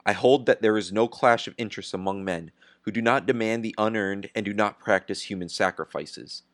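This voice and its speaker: A man's voice: on the low side, no room sound, natural voice. A man voicing a grave, unyielding industrialist. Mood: firm. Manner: grave, measured and firm. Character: defiant steel industrialist on trial, calm and unyielding. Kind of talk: audiobook character reading.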